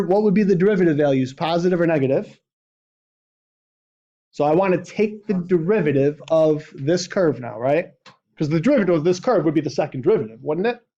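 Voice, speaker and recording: Lecturing in a dull, lo-fi classroom recording, a man teaches math in a high, somewhat mellow voice. He keeps questioning his students, prompting them again and again with "right?"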